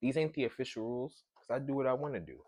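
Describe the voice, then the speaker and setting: A Brooklyn man in his thirties with a Brooklyn accent hosts a solo podcast, riffing in a loose, slangy, profane chat. His medium-pitched voice is expressive, fast and a little mellow, in a dry recording.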